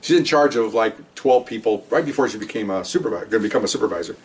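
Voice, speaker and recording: A man's voice: fairly low pitch, expressive, quick pace. A man in his sixties, a retired police detective, telling stories in a rambling, conversational way with many asides. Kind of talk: casual storytelling. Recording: voice a bit distant from the mic.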